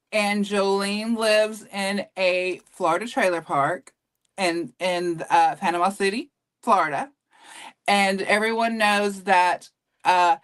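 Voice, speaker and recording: Chatty New York actress with a twang. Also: female voice, mid-range voice, a bit bright. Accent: New York with a slight Southern twang. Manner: chatty, restarts often. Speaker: guest actress and comedian. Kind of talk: casual interview chat.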